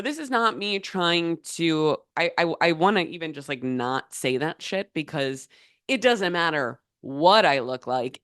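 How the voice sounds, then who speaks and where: A woman's voice: deep voice, a bit bright, dry recording, clean studio sound. A young woman hosting a podcast, telling a story in a chatty, casual way, full of filler words and swearing. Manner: chatty, swears freely, many filler likes. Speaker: podcast host.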